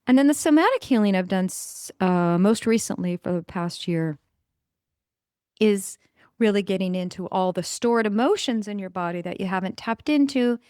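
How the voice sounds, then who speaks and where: A woman's voice: fairly low pitch, a little mellow, clean tone, no room sound, studio quality. A woman hosting her own podcast, talking casually and with enthusiasm, rambling a little and correcting herself as she goes. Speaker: podcast host. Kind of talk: casual solo podcast monologue.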